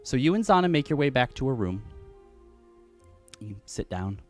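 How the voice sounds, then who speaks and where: A man narrating as game master in a tabletop game, in a relaxed way with many fillers. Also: mid-range voice, moderate pace, soft background music.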